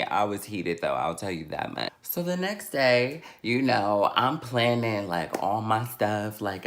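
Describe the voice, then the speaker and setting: A man's voice: lowish voice, fairly bright tone. Guy in his 20s doing a story time, sassy and dramatic, takes his time. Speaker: vlogger.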